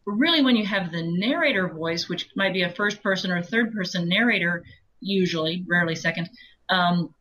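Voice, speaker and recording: A woman audiobook narrator talks through her working process in an easy, chatty way. Her voice sits a little low but sounds bright, and she tells stories with animated turns and frequent laughter. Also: moderate pace, slight background noise, poor audio. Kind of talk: casual interview chat.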